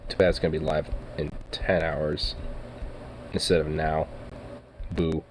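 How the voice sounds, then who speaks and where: A man's voice: a bass voice, little pitch movement, slow pace, a little hiss or hum, rough recording. A young adult man hosting a podcast, talking casually, rambling with lots of fillers, cursing and laughing. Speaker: podcast host. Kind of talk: casual solo commentary.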